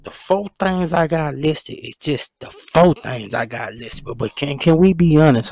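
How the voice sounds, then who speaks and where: Breathless gravelly podcast co-host, man. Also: fairly high pitch, expressive, a little slow, hardly any pauses, darkish tone. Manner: loose, profane, gossipy, drops into whispers. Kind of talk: casual podcast chat.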